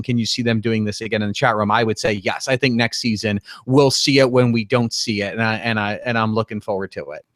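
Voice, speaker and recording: A man's voice: mid-range voice, a bit bright, dry recording, studio quality. A man co-hosting a TV recap podcast, chatting casually and enthusiastically, often acting out lines he quotes. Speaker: podcast co-host.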